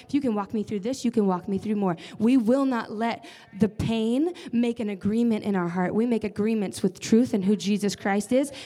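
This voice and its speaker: A woman's voice: medium pitch, warm tone. A young woman giving an earnest, conversational sermon as a church leader, often adding casual fillers. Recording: long reverb of a large hall.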